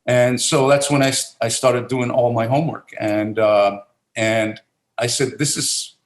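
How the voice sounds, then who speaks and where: A man's voice: mid-range voice, steady tone, a little slow. Middle-aged guy rambling thru an interview, lots of you knows, roomy echo. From Italy, raised in New Jersey. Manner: rambling, many fillers and restarts. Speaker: actor guest. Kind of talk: casual interview talk.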